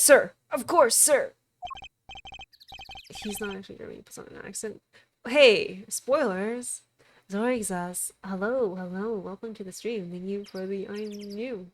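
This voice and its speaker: A woman's voice: medium pitch, slight background noise. A woman streaming a video game, chatting casually with viewers, laughing often and joking about herself. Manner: chatty, laughs often, self-deprecating asides. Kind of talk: casual livestream commentary.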